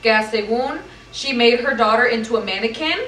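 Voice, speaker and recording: A woman with a bright, slightly high voice explains a legend in casual conversation, moving between English and Spanish. The room is echoey, and she sits well back from the mic. Faint background noise runs under her voice. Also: a little fast. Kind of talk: casual chat. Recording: roomy, distant, faint ambient noise.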